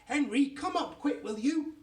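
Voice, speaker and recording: A man's voice: a little high, big pitch swings, moderate pace, echoey room, distant mic, background noise. A man reading aloud, voicing a mother calling out in a panic for her missing child. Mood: panicked.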